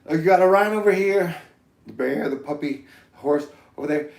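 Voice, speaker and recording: A man's voice: a little high, fairly quick, creaky. Rambling, cursing man in an echoey room. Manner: profane, loose and meandering, swings between mumbling and shouting. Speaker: vlogger. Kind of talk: rambling casual monologue.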